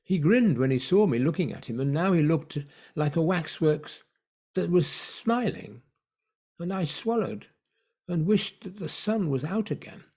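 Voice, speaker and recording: Mellow, measured male narrator. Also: on the high side, animated, breathy edge. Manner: measured, hushed storytelling. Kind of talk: story narration in an online play reading.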